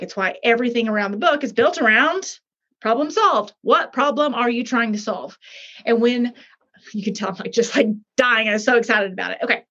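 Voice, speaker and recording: A woman's voice: on the high side, fairly bright tone. Chatty, emphatic woman author, lo-fi sound. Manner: chatty, emphatic, acts out little scenes. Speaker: author and coach. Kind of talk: animated talk explaining a method.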